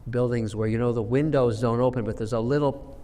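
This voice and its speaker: A man's voice: medium pitch, steady tone, fairly quick, dark tone. Blunt storytelling man in a reverberant room. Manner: blunt, emphatic, anecdotal. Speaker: investor guest. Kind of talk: storytelling interview answer.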